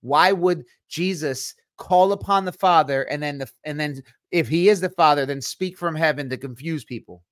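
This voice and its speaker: Male podcast co-host, slightly high-pitched, dry studio sound; reads scripture deliberately and then comments casually. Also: no room sound. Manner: reads verses slowly, then comments in quick asides. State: tired, yawning. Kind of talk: casual Bible study talk, reading scripture aloud.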